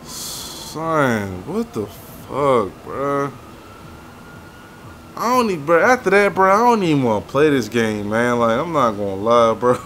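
A young man swearing and venting through gameplay commentary, with loud outbursts that sink into low, weary muttering. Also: very animated, measured pace, a little hiss or hum. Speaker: gaming YouTuber.

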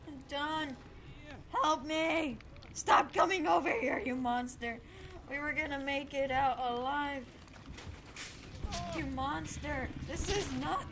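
A high-voiced woman commentates on her own game play from a home desk mic. She is excitable and quick to plead or cry out, and a faint hiss sits under her voice. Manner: excitable, frequent exclamations and pleading. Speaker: gaming channel host.

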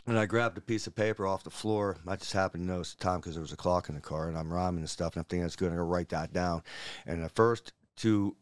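Rambling low-voiced male podcast guest. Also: quick pace, no room sound. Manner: animated, jumps between stories and voices. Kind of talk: rambling storytelling interview.

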